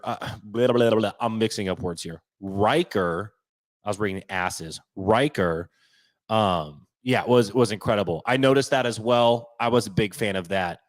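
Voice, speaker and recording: A man co-hosting a sports podcast, ranting bluntly and casually with lots of swearing and rambling asides. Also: lowish voice. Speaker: podcast co-host.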